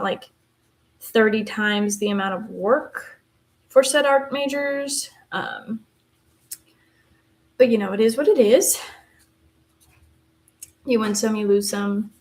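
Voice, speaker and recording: A woman's voice: medium pitch, slow, pauses often. Rambling young West Texan woman. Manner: rambling and chatty, many fillers and asides. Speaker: live streamer, university theater student. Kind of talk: casual chat while coloring on a live stream.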